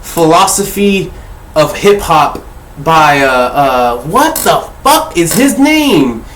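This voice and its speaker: A man's voice: on the high side, big pitch swings, slow, fairly bright tone, slight background noise. A man hosting a casual book discussion, rambling and swearing freely as he corrects himself mid-thought. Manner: profane, rambling, self-correcting. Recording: echoey room.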